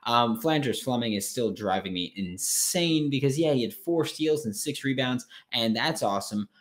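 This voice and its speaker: A man's voice: mid-range voice, normal speed. Casual, frank male sports podcast host. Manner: animated, frank, swears casually. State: tired, late at night.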